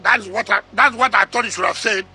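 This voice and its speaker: Combative Nigerian man, high and sharp. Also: gravelly, breathy edge, faint music behind. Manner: combative, rapid rhetorical questions, repeats words. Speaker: politician interviewee. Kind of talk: heated interview answers.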